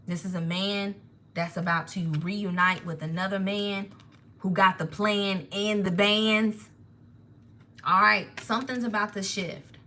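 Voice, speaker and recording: A woman leads a live spiritual tarot reading with a bright, forceful voice. She talks in an animated, rambling way and gets emotional, often stopping to follow a new thought. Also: medium pitch, a little hiss or hum. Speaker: tarot reader.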